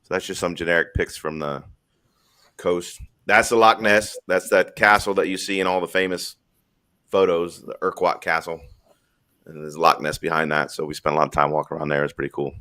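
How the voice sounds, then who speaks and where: A man's voice: sits low, steady tone, brisk, pushed and bright. A man hosting a live stream in casual chat, rambling through stories in a blunt, profane way.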